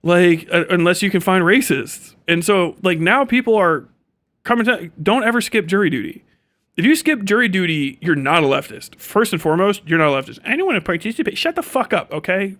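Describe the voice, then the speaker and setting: A man's voice: high-pitched, lively intonation, a little fast, fairly bright tone. A man livestreaming a profane, sarcastic rant, mocking and swearing at his viewers. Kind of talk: ranting livestream commentary.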